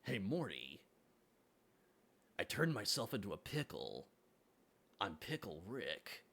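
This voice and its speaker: A man voicing a grim, gravel-voiced male soldier who talks low and deadpan. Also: takes it slowly, heavily acted.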